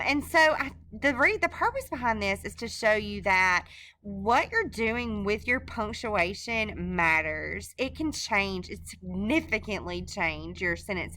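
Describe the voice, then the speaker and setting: A woman's voice: medium pitch, sharp tone. A woman teacher talking through a recorded screencast lesson in a casual, informal way, with frequent fillers and restarts.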